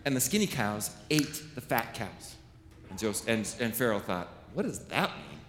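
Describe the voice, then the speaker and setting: A man, a pastor, giving a playful children's sermon, telling a story with animated voices to kids. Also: lowish voice, moderate pace, a little hiss or hum. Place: large church sanctuary. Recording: echoey church with long reverb.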